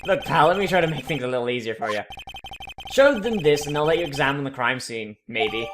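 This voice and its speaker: A man's voice: medium pitch, expressive, fairly quick, over music, natural voice. A man voicing a blustering, chummy police detective in a let's play. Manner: loud, bluff and chummy.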